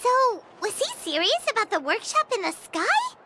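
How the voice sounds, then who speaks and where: An actress voicing a small, excitable floating fairy companion in a game, who talks about herself in the third person. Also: female voice, extremely high pitch, moderate pace, very noisy, heavily acted. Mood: curious. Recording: loud game music behind.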